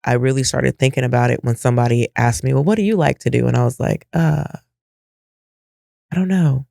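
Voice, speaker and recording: Gravelly middle-aged man, emphatic chat. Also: medium pitch, quick pace, warm tone, no room sound, studio quality. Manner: emphatic, reflective, rhetorical questions. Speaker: podcast co-host. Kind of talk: casual podcast chat.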